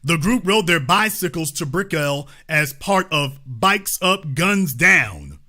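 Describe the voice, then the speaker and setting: A man's voice: on the high side, very animated, slow pace, sharp tone. A man hosting a commentary show, reading news aloud and breaking in with emphatic remarks, repeated points and pointed rhetorical questions.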